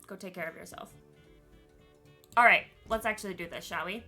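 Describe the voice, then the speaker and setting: A woman's voice: fairly low pitch, fairly quick, sharp tone, faint music behind. A woman streaming a game live, chatting to viewers, giggling and thinking aloud while she fiddles with her settings.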